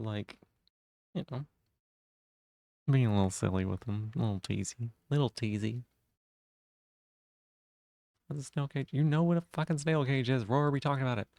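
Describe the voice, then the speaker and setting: A man's voice: medium pitch, gravelly, a little mellow, no room sound, studio quality. A man live-streaming, chatting casually with viewers in a teasing way and swearing freely.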